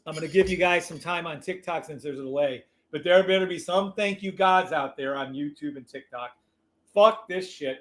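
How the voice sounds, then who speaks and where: A man hosting a live trading stream, calling trades in an excitable, profane, loud way. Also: a little high, moderate pace. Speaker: livestream trading host.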